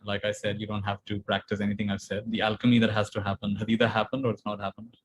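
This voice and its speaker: A man giving a calm spiritual talk, repeating phrases gently and sometimes laughing softly. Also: lowish voice, quick pace, breathy edge, poor audio. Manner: calm, repetitive, gently emphatic, soft laughs. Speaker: spiritual teacher. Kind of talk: talk to an online audience.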